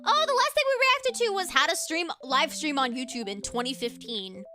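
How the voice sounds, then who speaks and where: A woman's voice: high-pitched, animated, moderate pace, bright, forceful tone, soft background music. A young woman hosting a casual livestream, chatting in a rambling way that often trails off. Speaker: streamer host. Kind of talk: casual livestream chat and reaction.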